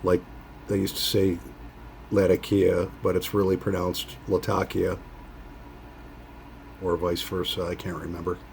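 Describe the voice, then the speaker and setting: A man hosting a pipe-smoking vlog, chatting casually in a rambling, halting way with many fillers. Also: deep voice, little pitch movement, slight background noise. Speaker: pipe-smoking channel host.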